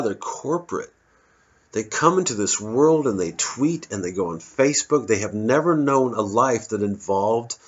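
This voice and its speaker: A man's voice: medium pitch, fairly bright tone, highs cut off. A male comedian giving a digressive, self-interrupting, profane stand-up monologue.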